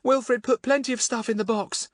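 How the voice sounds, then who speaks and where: A man reading an audiobook, voicing a frightened, tearful young girl with a high, trembling, pleading voice. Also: fairly even intonation, moderate pace, fairly bright tone, dry recording, studio quality. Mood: earnest. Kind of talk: audiobook character voice.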